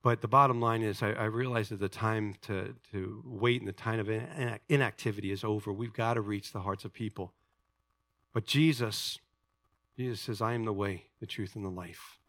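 Impassioned preaching man, bright voice. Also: on the low side, steady tone, moderate pace, dry recording, studio quality. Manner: impassioned preaching, rising to loud emphatic peaks; repeats and restarts words, quoting scripture dramatically. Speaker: pastor. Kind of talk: sermon.

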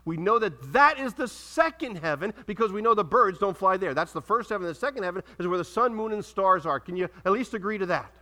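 A man preaching a sermon in a church, reading scripture aloud and calling out questions to the congregation with dramatic pauses. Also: high voice, lively intonation, sharp tone. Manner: preaching with dramatic pauses and audience call-outs. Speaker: pastor.

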